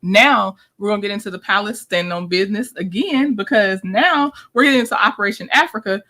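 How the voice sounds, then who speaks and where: A bright, forward-sounding woman hosting a live commentary stream. She is chatty and laughs often as she recaps clips and talks to her viewers in the chat. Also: mid-range voice, brisk. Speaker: commentary host.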